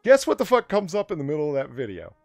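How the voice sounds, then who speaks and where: A man hosting a late-night casual chat stream, an animated storyteller who swears freely. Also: fairly high pitch, fast talker, dry recording, soft background music. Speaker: stream host.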